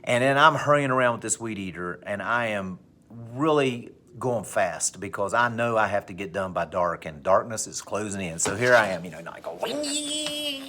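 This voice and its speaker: A male teacher telling a personal anecdote to his class, with big animated swings in pitch and pace. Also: moderate pace. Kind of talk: storytelling in class.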